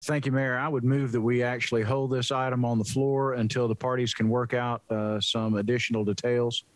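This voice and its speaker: A man's voice: mid-range voice, little pitch movement, fairly quick, dry recording. A man on a city council giving polite, friendly remarks and motions at a meeting.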